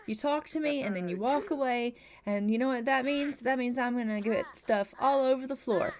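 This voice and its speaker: A woman's voice: a little high, moderate pace, slight background noise, natural voice. A woman voicing a whiny teething toddler boy. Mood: defiant. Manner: whiny, defiant, pleading.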